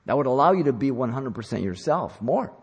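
A man preaching a sermon as a pastor, deliberate and emphatic, pressing hard on key words. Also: medium pitch, very animated, slightly rough. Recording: long hall reverb.

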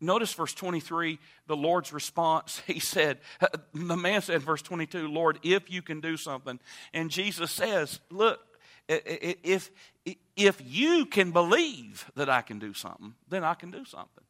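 A man preaching a sermon in a church, moving from quiet teaching to loud, impassioned appeals. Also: normal speed. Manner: builds from low calm to loud impassioned preaching. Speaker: pastor. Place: church sanctuary.

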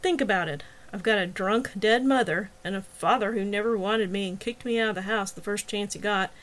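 A man's voice: high-pitched, a little fast, a bit bright. A woman voicing a lovesick, self-pitying deaf young man, a bit drunk, mumbling and putting himself down. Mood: bitter.

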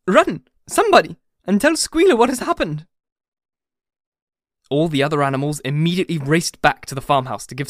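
A man narrating an audiobook with steady, even reading. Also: medium pitch, dry recording, studio quality. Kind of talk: scripted narration.

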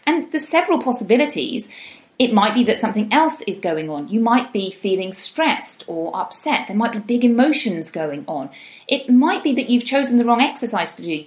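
Encouraging woman coach in a roomy space. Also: mid-range voice. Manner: encouraging, acts out inner voices in quotes. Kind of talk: advice talk to camera. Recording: roomy echo.

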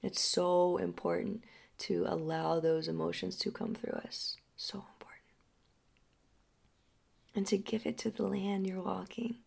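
A young adult woman speaking slowly and softly as a healing guide, often sinking into a breathy half-whisper. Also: lowish voice, fairly even intonation. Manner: slow, soft and drawn out, often dropping into a breathy half-whisper. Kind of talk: reflective spoken storytelling.

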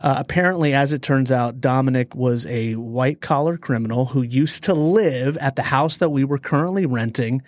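A man co-hosting a podcast, telling a story in a lively, dramatic way. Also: mid-range voice, no echo, clean studio sound. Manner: animated storyteller, dramatic pauses. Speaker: podcast co-host. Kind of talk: casual storytelling chat.

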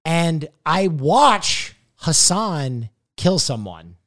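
A young man co-hosting a podcast, telling a story with big theatrical energy. His voice swoops wildly up and down as he acts out every character. He yells quoted lines and laughs his way through them. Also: fairly high pitch, big pitch swings, extremely slow. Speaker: podcast co-host. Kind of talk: animated storytelling.

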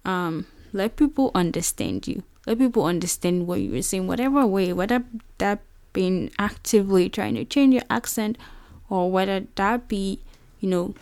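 A woman's voice: mid-range voice, animated, moderate pace, darkish tone, no room sound. A young adult woman from Nigeria with a Nigerian English accent, hosting a reflective personal monologue in an earnest way, full of "you know" and "like". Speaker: podcast host.

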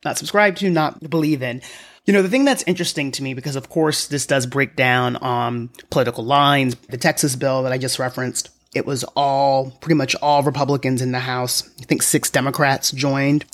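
A solo podcast host recording in a quiet apartment, speaking in a mid-range voice. The delivery is conversational and wry, with the host thinking aloud and circling back to points. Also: mid-range voice, fairly even intonation, normal speed. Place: apartment at home, quiet early morning.

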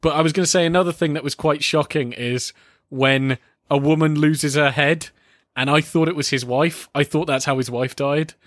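A man's voice: a little high, moderate pace, no echo, clean studio sound. A man talking casually about a film with a co-host, acting out the lines he quotes. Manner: animated, acts out quoted lines. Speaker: podcast co-host.

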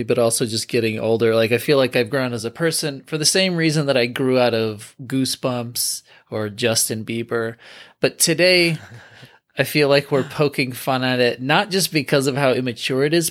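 A middle-aged man co-hosting a comedic book podcast, wry, with laughing asides. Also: medium pitch. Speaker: podcast co-host.

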